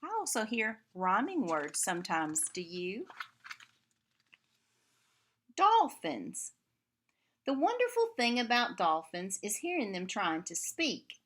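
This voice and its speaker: A woman reads a rhyming children's picture book aloud and pauses to chat about the pictures and add sound effects. Her voice is bright and very lively, swooping up and down. She reads slowly and clearly. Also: mid-range voice. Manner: expressive and animated, adding sound effects.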